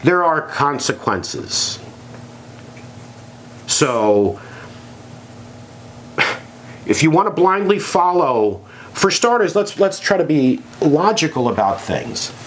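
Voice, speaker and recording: A man's voice: a little high, slow, long pauses, slight background noise. A man co-hosting a podcast, talking in a sarcastic, ranting way in casual chat. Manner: animated, sarcastic, rant-like. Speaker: podcast co-host.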